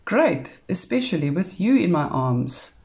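A woman reading a storybook, voicing a fond grown man with a gruff, grumbling delivery. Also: lowish voice, very animated, unhurried, a little mellow.

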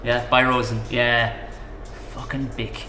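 A man's voice: mid-range voice, monotone, slow pace, pushed and bright, reverberant, slight background noise. A man holding forth in a profane comic rant to a stranger at the pub. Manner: profane, ranting, conspiratorial. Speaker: pub regular in a comedy sketch.

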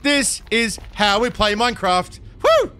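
A man commentating live gameplay, excitable and chattering to the creatures in his game. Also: extremely high pitch, unhurried, noisy background. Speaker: gaming streamer.

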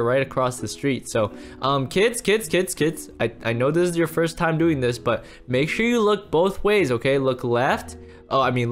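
A man hosting an improvised game roleplay, playing a fussy father who repeats himself and fusses over his kids. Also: medium pitch. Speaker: roleplay host and lead character.

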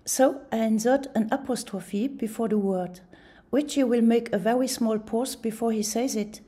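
A woman explains a music software tutorial in a calm, step-by-step voice-over. Her voice sits a little high but sounds soft and mellow. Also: normal speed.

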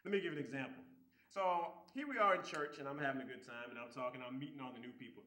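A man giving a relationship seminar talk, animated, acting out quoted people and often repeating words as he starts sentences. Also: mid-range voice, fast talker, echoey room. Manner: acts out quoted people with voice shifts. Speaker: seminar speaker.

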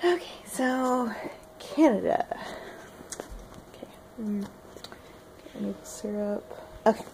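A woman's voice: fairly high pitch, slow, background noise. A young woman rambling casually in a solo video, giggling and self-deprecating.

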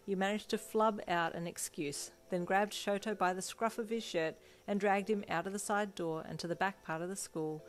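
A woman reading fan fiction aloud as expressive narration, voicing the flustered listener in a higher voice. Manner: acts out the listener's lines in a high, flustered voice.

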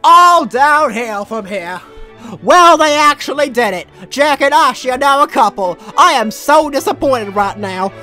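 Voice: sits high, expressive, a little slow, sharp tone, soft background music. A speaker doing blunt, sarcastic readings of online posts.

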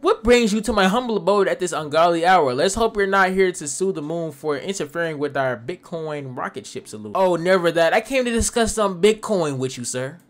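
A man's voice: sits high, lively intonation, fairly quick, hardly any pauses. A man's synthetic voice playing a pompous, crypto-obsessed neighbor who speaks in grandiose, overblown phrases.

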